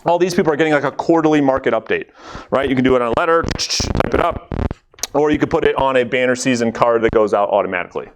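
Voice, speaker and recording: A man leading a live coaching session for real estate agents, energetic and conversational, checking in with the room and acting out quick bits of dialogue. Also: medium pitch. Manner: acts out quick quoted dialogue.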